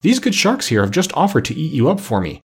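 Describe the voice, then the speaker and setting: A man's voice: a little high, huge pitch swings, fast, husky, voice pushed up, full character voice. A man voicing a kind but firm animal doctor who lectures politely and sternly.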